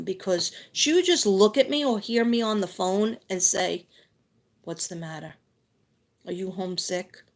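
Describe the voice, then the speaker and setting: A woman's voice: medium pitch, darkish tone, a little hiss or hum. A woman doing a psychic tarot reading live, talking in a rambling, chatty way with lots of fillers.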